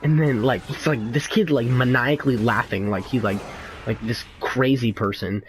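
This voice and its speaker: A man's voice: medium pitch, moderate pace, a little hiss or hum, poor audio. Rambling teenage boy gaming commentator. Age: teens. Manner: rambling, many fillers and restarts; crude slang, laughs often. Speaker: gaming YouTuber. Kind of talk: casual gameplay commentary with storytelling.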